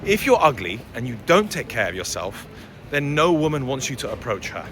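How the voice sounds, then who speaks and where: A man's voice: mid-range voice, very animated, brisk, a bit bright, a little hiss or hum. A young man giving blunt, opinionated dating advice in a casual vlog, swearing freely, recorded outdoors on a city street. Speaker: dating and life coach.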